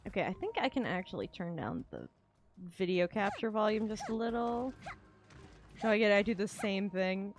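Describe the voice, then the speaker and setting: A young woman streaming a game, chatting casually in a rambling way, full of "like" fillers and quick laughs. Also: mid-range voice. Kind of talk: casual chat while gaming.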